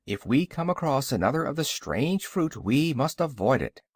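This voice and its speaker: A man voicing a kindly, courteous little old wizard in an audiobook, measured and polite. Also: mid-range voice, big pitch swings, slightly rough, no echo, clean studio sound.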